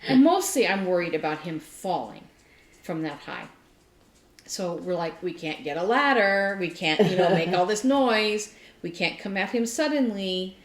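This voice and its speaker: A woman co-hosting a casual chat, telling an animated story and laughing often. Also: on the low side, measured pace. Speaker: podcast co-host. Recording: roomy echo.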